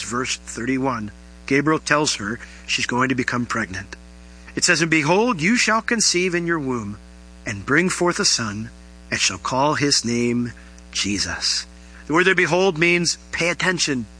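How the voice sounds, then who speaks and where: A man preaching a sermon as pastor, animated, his voice rising high on emphatic questions. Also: rough recording.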